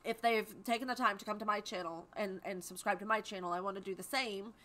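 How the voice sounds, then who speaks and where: Bright-voiced woman hosting a casual livestream. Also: mid-range voice, steady tone, fast talker. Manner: chatty, greets viewers by name. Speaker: livestream host. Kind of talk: casual live-stream chat. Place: home.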